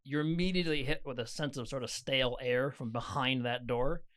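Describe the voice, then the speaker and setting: A man narrating as game master, describing scenes in a relaxed, lightly joking way. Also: medium pitch, brisk.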